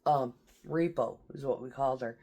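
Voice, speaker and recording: A woman's voice: rumbling low, normal speed, vocal fry, a little mellow, slightly rough. A woman military veteran telling stories from her tours in a blunt, profane, casual way, laughing through tense memories. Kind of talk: casual storytelling.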